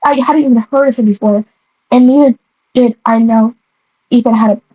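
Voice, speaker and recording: Her voice is a little high, mellow, and slightly rough, with fairly even intonation at a normal speed. The young woman trips through reading an old story of hers, pausing to mock it and giggling at herself. It's a dry, dull lo-fi recording.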